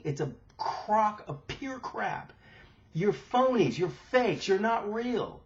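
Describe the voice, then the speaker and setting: Indignant ranting man, lo-fi audio. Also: high voice. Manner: agitated, indignant, repeats words and restarts. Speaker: political vlogger. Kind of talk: impromptu political rant to camera. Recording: dull lo-fi camera audio.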